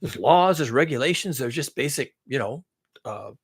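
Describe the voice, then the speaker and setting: A man giving sarcastic spoken commentary, swinging from mock-alarmed outbursts to low muttered asides and correcting himself as he rambles. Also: expressive, moderate pace, breathy edge. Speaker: climate commentary channel host.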